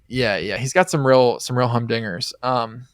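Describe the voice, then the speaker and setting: A man co-hosting a casual movie-recap podcast, rambling and crude with lots of fillers. His voice sits at a medium pitch and sounds dry and close to the mic. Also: moderate pace, dry recording. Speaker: podcast co-host.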